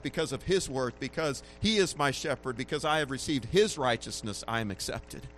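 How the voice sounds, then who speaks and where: A man preaching a sermon who slows down to stress key phrases, rises to loud peaks and drops to a murmur at the ends of lines. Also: mid-range voice, a little hiss or hum.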